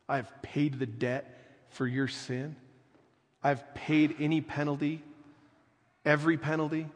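A man playing Jesus as a gentle, tender figure, speaking softly and slowly. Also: a little high, big-room sound.

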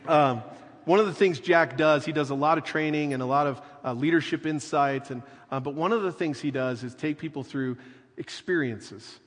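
A man preaching a sermon as pastor, speaking slowly and earnestly, often dropping to a soft, quiet delivery for emphasis. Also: fairly high pitch, big-room sound. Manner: slow, earnest preaching with soft dramatic drops.

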